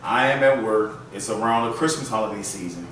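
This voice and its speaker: A man hosting a casual storytelling vlog, chatting in an animated and loose way full of fillers. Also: lowish voice, brisk, slight background noise. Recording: very echoey room, mic at a distance.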